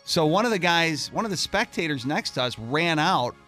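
Bright-voiced male radio co-host. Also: a little high, animated, normal speed, faint music behind. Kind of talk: morning radio banter and street interview.

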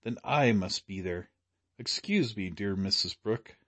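A man's voice: on the low side, animated, measured pace, a bit bright, no room sound. A man reading an audiobook, voicing an eager, impulsive young woman in a raised, earnest voice. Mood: urgent.

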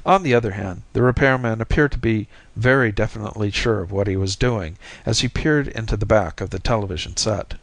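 Sex: man. Style: low-voiced audiobook narration. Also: no room sound. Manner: measured, even storytelling. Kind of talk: audiobook reading.

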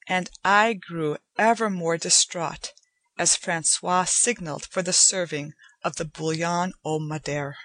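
Slow, low-voiced woman narrator. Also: a bit bright, dry recording. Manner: measured, deliberate storytelling. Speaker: audiobook narrator. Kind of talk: scripted narration.

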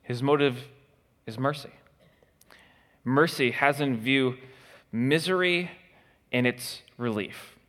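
A man delivers a sermon in a relaxed, conversational way. His voice sits at an ordinary middle pitch and is broken up by frequent filler sounds as he gathers his thoughts. The recording carries the long reverb of a large church hall. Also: takes it slowly, long pauses. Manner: conversational, frequent uh fillers, acts out quoted attitudes. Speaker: preacher. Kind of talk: expository sermon.

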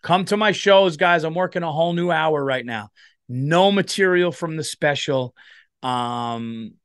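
A tired man, a comedian hosting a solo podcast, rambling in a profane, animated way. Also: a little high, a little slow, clean tone, no room sound, studio quality.

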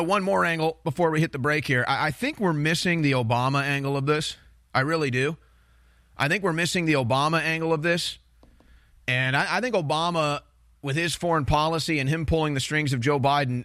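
A man's voice: mid-range voice, sharp tone, no echo, clean studio sound. A man hosting a political talk show, delivering heated commentary in an emphatic, ranting way that repeats phrases and restarts sentences.

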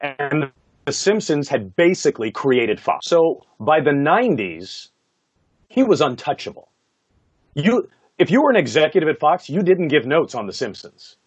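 Male voice actor telling lively anecdotes. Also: on the high side, moderate pace, slightly rough, no room sound. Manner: animated anecdotes with frequent laughs and "you know" fillers. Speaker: voice actor guest. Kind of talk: casual interview storytelling.

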